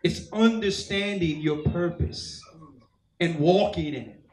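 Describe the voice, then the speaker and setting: A man's voice: high-pitched, slow pace, echoey room, poor audio. A man preaching as a church elder, telling a personal testimony and acting out the voices of people in his story. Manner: storytelling, acts out quoted voices. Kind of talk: sermon testimony.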